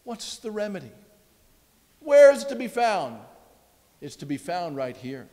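A man preaching a sermon as pastor, emphatic and repetitive, with his voice dropping low at the ends of phrases. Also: very animated, unhurried, warm tone, big-room sound. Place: church sanctuary.

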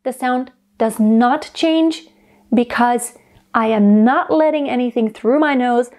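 Female vocal coach, pitch a touch high, calm step-by-step explainer for a singing lesson. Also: slow pace. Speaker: voice teacher.

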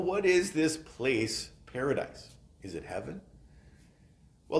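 A man preaching a sermon as pastor, speaking earnestly and with emphasis, often letting his phrases fade softly at the end. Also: mid-range voice. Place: chapel. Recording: echoey chapel room.

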